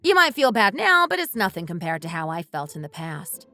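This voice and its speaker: A woman's voice: fairly low pitch, very animated, brisk, bright, forceful tone, soft background music, heavily acted. A woman voicing a resentful wife fed up with her husband, speaking in a bitter, accusing way. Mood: cold. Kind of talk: scripted dialogue drama.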